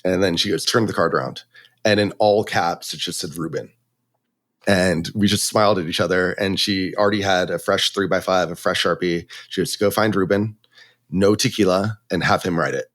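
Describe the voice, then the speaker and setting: A man's voice: sits low, moderate pace. A man casually telling the story of his winery's wine label, acting out the quotes and laughing as he goes. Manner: animated, acts out quotes with laughs.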